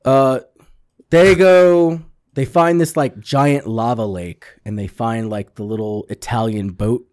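A man's voice: mid-range voice, slow pace, no echo, clean studio sound. A man casually recapping a TV episode, acting out the characters' lines and swearing freely. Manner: animated storyteller, acts out quotes, swears a lot. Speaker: podcast co-host recapping a TV episode. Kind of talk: casual profane chat.

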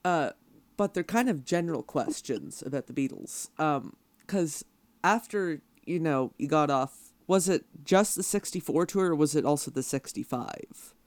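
A man's voice: a little high, lively intonation, normal speed, dry recording. A man hosting an interview, asking casual, hesitant questions.

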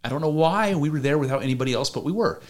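A man's voice: a little high, animated, rapid-fire. Frank, storytelling man in casual chat. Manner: frank, blunt, tells stories, swears casually. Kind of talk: casual conversation.

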